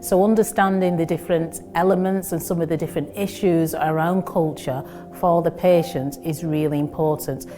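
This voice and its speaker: A health service manager speaks in a measured, earnest way about staff and patients. Her voice sits very low, and clear music plays behind her. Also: fairly even intonation, warm tone. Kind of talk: interview statement.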